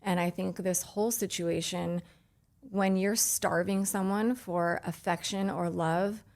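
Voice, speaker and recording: A woman in her thirties hosting a podcast, talking in an earnest, halting way with many restarts and fillers. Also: lowish voice, fairly even intonation, gravelly, darkish tone. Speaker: podcast host. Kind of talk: casual heartfelt conversation.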